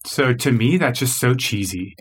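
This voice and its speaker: A man co-hosting a podcast, giving his opinions in casual chat, measured and hedging with "I mean.". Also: medium pitch, animated, husky. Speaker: podcast co-host.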